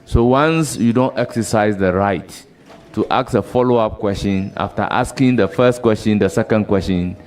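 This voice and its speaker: A man chairs a parliamentary hearing. His voice sits on the low side, and he speaks in a firm, procedural way as he keeps the speakers in order. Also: normal speed, darkish tone. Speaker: committee chairman.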